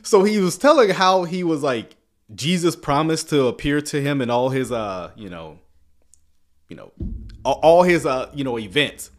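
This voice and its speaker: A man's voice: a little high, lively intonation, normal speed. A man hosting a casual video commentary, talking with lots of fillers, laughs and sarcastic asides. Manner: chuckling, sarcastic, full of fillers. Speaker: commentary host.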